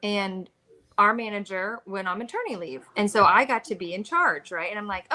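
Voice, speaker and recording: A woman's voice: medium pitch, quick pace. Chatty American woman telling a story. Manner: animated storyteller, acts out quoted lines. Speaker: co-host of a reseller live chat. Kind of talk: casual chat.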